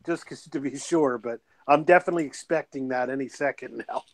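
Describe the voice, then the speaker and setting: A man's voice: medium pitch, a little fast, dry recording, poor audio. A man playing a tabletop game, talking casually and pushing the group to keep going. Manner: talkative, reasonable, keeps the group moving. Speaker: player.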